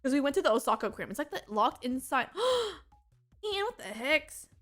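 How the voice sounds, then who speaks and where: A high-pitched young woman rambles through a casual streaming chat, bubbly and excitable, with "like" in nearly every sentence. Faint music plays quietly behind her. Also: fast talker. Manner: excitable, rambling, heavy use of "like". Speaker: VTuber streamer.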